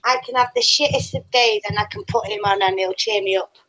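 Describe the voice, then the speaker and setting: Bright joking woman. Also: mid-range voice, steady tone, fairly quick, poor audio. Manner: joking, jumps in with punchlines. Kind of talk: casual stream chat.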